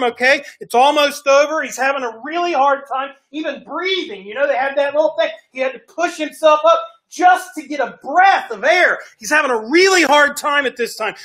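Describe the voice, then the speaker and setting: A man's voice: very high-pitched, pushed and bright. A male pastor preaching a sermon in a folksy storytelling way, often checking in with "right?" and "okay?". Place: church sanctuary.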